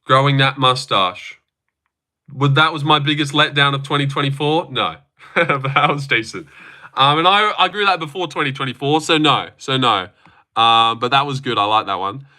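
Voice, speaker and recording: Blunt man with a bright voice. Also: mid-range voice, normal speed. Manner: blunt, opinionated, swears, reads chat aloud; says he is using a fake voice. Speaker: streamer answering chat. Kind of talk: casual live-stream chat.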